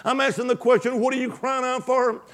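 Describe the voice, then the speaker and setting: High-voiced man preaching with fervor. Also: level tone, fairly quick. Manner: emphatic call-and-response preaching; swings from loud exclamations to hushed asides. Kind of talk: sermon.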